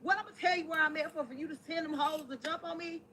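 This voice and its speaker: A woman ranting loudly and profanely to her camera. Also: high-pitched, steady tone, fast, slight background noise, rough recording. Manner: brash, loud and profane. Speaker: online creator.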